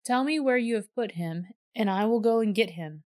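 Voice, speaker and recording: A woman's voice: on the high side, animated, normal speed, a little mellow, close to an everyday voice. Grieving pleading young woman, as a woman reads her.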